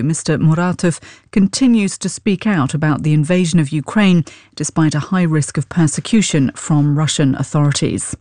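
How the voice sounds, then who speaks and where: A man's voice: fairly high pitch, dry recording, clean studio sound. Man reading a formal news bulletin. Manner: steady, formal. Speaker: newsreader.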